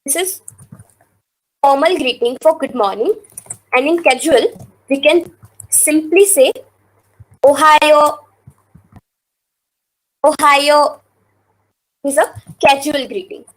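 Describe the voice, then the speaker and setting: Woman, Indian English accent, high voice, patient online teacher repeating words for students. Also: poor audio. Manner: slow, careful pronunciation with repeated words. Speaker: language teacher. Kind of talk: online teaching over screen share.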